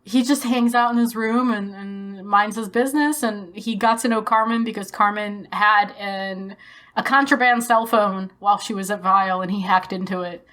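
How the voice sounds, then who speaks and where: A woman's voice: mid-range voice, fairly even intonation, a bit bright. A woman from Texas co-hosting a podcast in casual chat, enthusiastic and casually profane. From Texas, USA. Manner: enthusiastic, swears casually, quick bursts. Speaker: podcast co-host.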